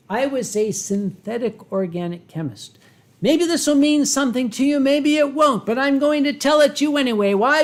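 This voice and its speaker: A man in his fifties hosting a casual live stream while drinking wine and answering chat. He talks in a slow, rambling, profane way, with dramatic pauses and theatrical swings between loud outbursts and quiet asides. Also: high voice. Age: 50s.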